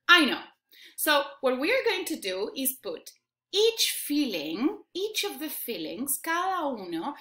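Teacher lady reading a kids story, high bright voice, slow and playful, echoey room. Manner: slow and animated, repeating lines in Spanish. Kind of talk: storytelling for young children.

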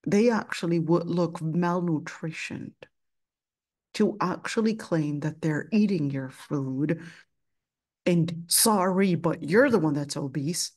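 A woman's voice: low-pitched, takes it slowly, a little mellow. A woman teaching an Islamic studies class, telling a personal story with passion and acting out both sides of the conversation. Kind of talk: storytelling lesson with quoted dialogue.

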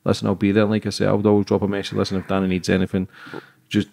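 Fast-talking podcast host. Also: male voice, lowish voice, completely flat delivery, vocal fry, a little mellow. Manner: probing, earnest, chatty questions. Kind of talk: interview conversation.

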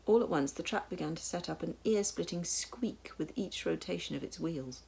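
A woman narrating a storybook tale in a measured, wry way. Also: low voice, gravelly, darkish tone, slightly rough. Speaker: audiobook narrator.

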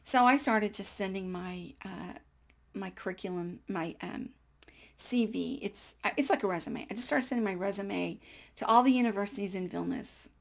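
A woman in her sixties telling a personal faith story in a chatty, animated way, dropping into whispers at hushed moments. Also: medium pitch, normal speed, creaky. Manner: chatty with frequent fillers and small laughs.

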